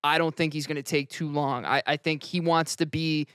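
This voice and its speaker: A man co-hosting a casual podcast, explaining his views in a measured way. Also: fairly high pitch, little pitch movement, fairly bright tone, clean tone, dry recording, studio quality. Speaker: podcast co-host. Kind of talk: casual chat.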